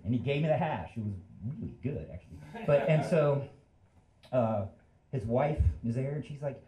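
A man's voice: medium pitch, expressive, normal speed, echoey room, crowd noise, low-quality recording. A man in his fifties telling a story on a live stage in a casual, rambling, self-deprecating way. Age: 50s.

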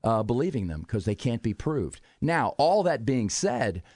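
A man appearing as a history guest on a radio talk show, explaining in a measured way and posing rhetorical questions. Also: mid-range voice, very animated, a little mellow, no room sound, clean studio sound. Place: radio studio.

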